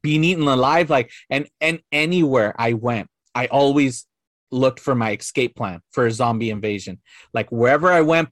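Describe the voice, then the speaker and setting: A man, likely in his forties, telling stories in a casual podcast chat, animated and full of swearing, acting out the voices in his tales. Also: mid-range voice, dry recording, clean studio sound. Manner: animated storyteller, swears a lot, acts out quotes. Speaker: podcast guest.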